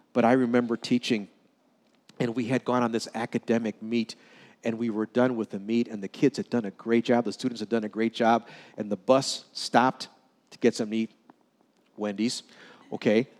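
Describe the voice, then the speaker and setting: A male pastor delivers a sermon in a church sanctuary, his voice trailing off into a long reverb. He tells stories and acts out the dialogue, at times sinking to a soft, quiet tone. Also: mid-range voice, steady tone, moderate pace. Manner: storytelling, acts out dialogue with sudden drops to soft tones.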